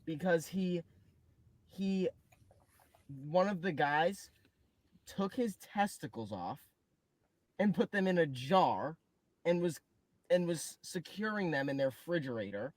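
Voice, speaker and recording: A young man with a Boston accent talks in a casual podcast chat. He pitches ideas eagerly, as if selling on an infomercial. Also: expressive, takes it slowly, long pauses, dry recording. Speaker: podcast co-host.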